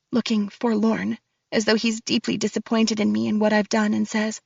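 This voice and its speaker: A woman's voice: mid-range voice, monotone, moderate pace, creaky, husky, no echo, muffled recording. A woman narrating a first-person thriller audiobook in a tense, breathless way.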